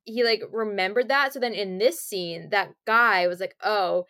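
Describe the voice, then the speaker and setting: A woman's voice: medium pitch, normal speed, bright, forceful tone. A woman co-hosting a podcast, chatting casually and rambling with many fillers as she recalls a book. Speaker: podcast co-host. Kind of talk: casual chat.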